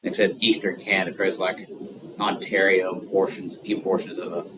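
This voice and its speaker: A man with a Southern American accent giving an unscripted geography lecture, rambling with many filler pauses. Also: low voice, level tone. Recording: distant mic with noticeable background noise.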